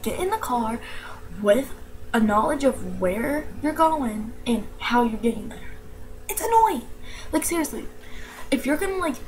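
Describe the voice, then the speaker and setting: A young woman with a slight New York accent, ranting in a casual vlog, slangy and animated with lots of "like". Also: sits high, slight background noise, rough recording. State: allergies, tired.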